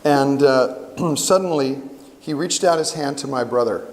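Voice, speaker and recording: A middle-aged man giving a storytelling sermon as a camp worship speaker, animated and acting out the quotes. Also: mid-range voice, unhurried. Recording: long hall reverb.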